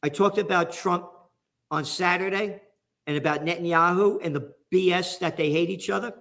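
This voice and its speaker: Fired-up New York-accented guest, slightly high-pitched, ranting. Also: male voice, steady tone, moderate pace, a bit bright. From the Bronx, New York. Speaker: guest commentator. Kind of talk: heated political commentary.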